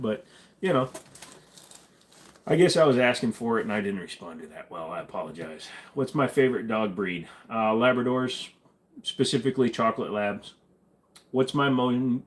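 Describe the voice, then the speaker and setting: A man hosting a casual livestream, chatting loosely with viewers, joking and rambling with lots of fillers and restarts. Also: mid-range voice. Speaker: livestream host. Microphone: desk microphone.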